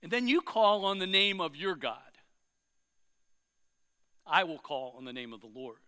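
A man voicing a bold, fierce prophet, declaiming slowly and forcefully. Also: high voice, sing-song, clear, resonant tone, full character voice.

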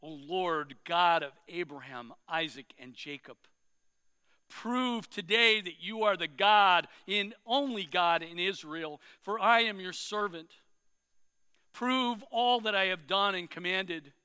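A man voicing a bold, fierce prophet, declaiming slowly and forcefully. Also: sits high, very animated, full character voice. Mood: praying.

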